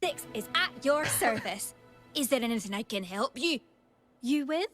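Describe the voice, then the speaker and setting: A woman's voice: high voice, expressive, normal speed, music in the background. An actress with a Scottish accent playing a cheery young woman who runs a delivery service in a video game, using an eager customer-service manner. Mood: chipper.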